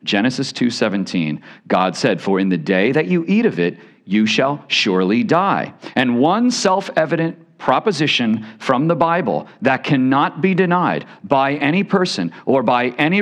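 A man preaching a sermon, emphatic and dramatic, repeating key phrases and questioning his listeners. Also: mid-range voice. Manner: emphatic, rising and falling dramatically.

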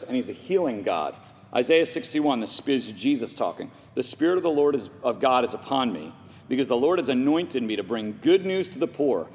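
A man's voice: on the high side, darkish tone. A middle-aged male pastor preaching an emphatic sermon, full of rhetorical questions, with his voice sometimes catching with emotion. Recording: long hall reverb.

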